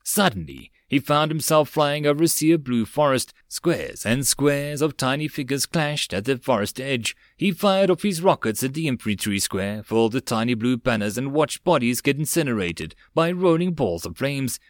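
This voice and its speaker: A man's voice: mid-range voice, big pitch swings, normal speed, few pauses, no echo. Man narrating an audiobook, dry sound. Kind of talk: web novel audiobook reading.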